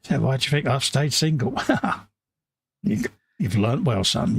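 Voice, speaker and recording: A man from the UK co-hosts a live stream in a relaxed, jokey way, often slipping into voices when he quotes people. His voice is gravelly and husky, and it swings widely in pitch. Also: measured pace, no room sound. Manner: jokey, self-mocking, acts out quoted voices. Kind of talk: casual chat.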